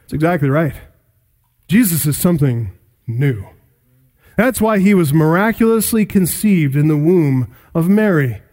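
A man preaching an expository sermon, emphatic, rising loud and high on key points. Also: animated, measured pace. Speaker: pastor.

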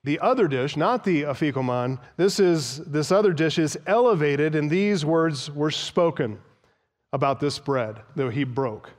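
A male pastor, voice a bit high and intonation lively, preaches expository style in a reverberant church hall. His delivery is emphatic, with pauses to unpack key terms and quote older sources.

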